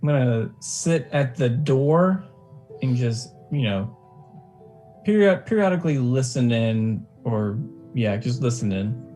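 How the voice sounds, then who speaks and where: A man playing a tabletop game, halting and breaking off his sentences. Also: mid-range voice, lively intonation, mellow, faint music behind. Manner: halting, self-interrupting. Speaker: player.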